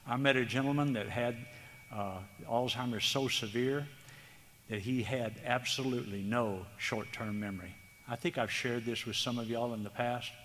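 Male preacher, mid-pitched; earnest, tender sermon delivery; reverberant sanctuary. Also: fairly even intonation, fairly bright tone. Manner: earnest, tender, slow, emphatic. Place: church hall. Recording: long hall reverb, faint background noise.

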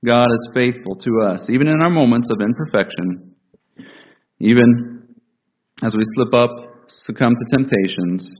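A man preaching a sermon to his congregation. He speaks in a measured way and repeats key phrases for emphasis. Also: medium pitch, dull audio. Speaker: pastor.

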